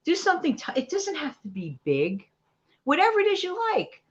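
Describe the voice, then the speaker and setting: With a high voice that swoops wildly in pitch, a middle-aged New Yorker with a New York accent hosts a casual livestream, encouraging her viewers. She talks at normal speed, and the highs in the audio are cut off.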